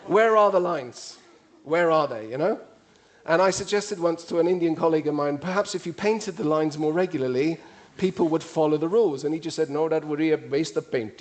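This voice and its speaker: A man with an Italian accent giving a humorous storytelling talk, acting out the dialogue in quoted voices. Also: on the high side. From Italy.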